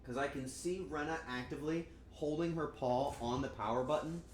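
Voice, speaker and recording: A man's voice: on the high side, normal speed, slight background noise. A man casually chatting with his viewers on a cooking stream, playful and joking. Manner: playful, joking with chat, animated outbursts. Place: home kitchen. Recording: echoey room, faint ambience.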